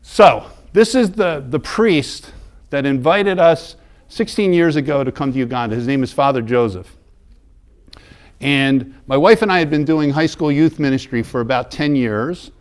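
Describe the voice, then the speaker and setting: A man's voice: medium pitch, clean tone. A middle-aged American man giving a talk in a church, telling a story in a conversational way, often repeating and restarting words. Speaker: mission group leader giving a parish talk.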